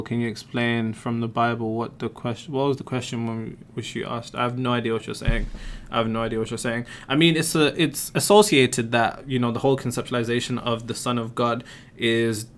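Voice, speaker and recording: A man's voice: medium pitch, a bit bright, a little hiss or hum. A man hosting a live question-and-answer stream, explaining his views with emphatic rhetorical questions. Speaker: host answering viewer questions.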